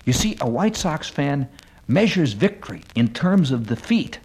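A man's voice: fairly high pitch, big pitch swings, a little slow, a little mellow, breathy edge, low-quality recording. A man delivering a wry comic monologue on the radio, building sardonic lists toward a punchline.

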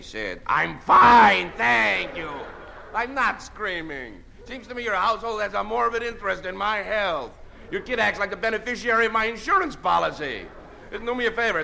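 A man's voice: high-pitched, gravelly. A man doing a comic one-sided phone call, wry and teasing, with a mock-threatening edge. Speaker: comedian. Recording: hissy old record.

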